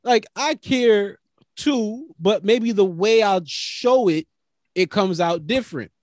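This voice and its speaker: High-voiced New man, casual. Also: slow pace, no room sound. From New York. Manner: casual, profane, reflective. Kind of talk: casual chat.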